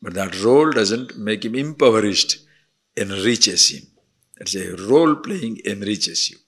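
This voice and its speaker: Older guy giving a spiritual discourse, sharp bright tone, lively, chuckles a lot. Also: measured pace, breathy edge. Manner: animated, swings between emphatic highs and soft murmurs, laughs often. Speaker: spiritual teacher.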